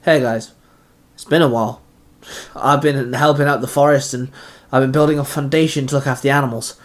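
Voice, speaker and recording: A man's voice: mid-range voice, steady tone, brisk, close to an everyday voice. A man voicing an earnest young ranger. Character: young male ranger speaking softly to his parents' graves.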